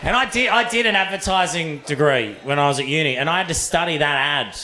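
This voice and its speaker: A man's voice: on the high side, fast, a little hiss or hum. A young adult man with an Australian accent performing a stand-up comedy set, telling profane stories and acting out voices. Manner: profane, animated storytelling with acted-out voices. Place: comedy club stage. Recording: echoey club room, faint ambience.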